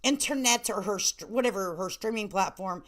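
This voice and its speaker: A woman's voice: mid-range voice, moderate pace, a bit bright. A woman hosting a casual live-stream commentary, talking in a sassy, blunt, teasing way. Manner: sassy, blunt, playful scolding.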